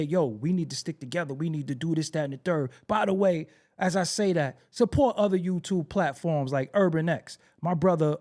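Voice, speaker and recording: A man's voice: on the high side, darkish tone. A man hosting a podcast, ranting in heated commentary, hammering phrases again and again and firing rhetorical questions. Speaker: podcast host.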